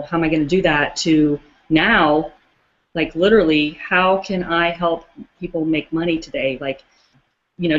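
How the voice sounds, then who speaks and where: A woman co-hosting a casual chat, talking in an excitable, rambling way. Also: sits low. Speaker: co-host. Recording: muffled lo-fi audio.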